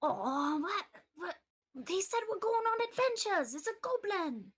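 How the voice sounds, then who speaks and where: A woman voicing an eager young village boy who pleads excitedly. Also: very high voice, unhurried, voice pushed up, heavily acted. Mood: pleading.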